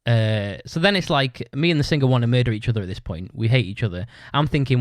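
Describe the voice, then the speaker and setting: A man's voice: mid-range voice, expressive, quick pace, hardly any pauses, no room sound. A young British man hosting his own podcast, telling a rambling, sweary story in a casual way and laughing as he talks. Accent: British English. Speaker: podcast host.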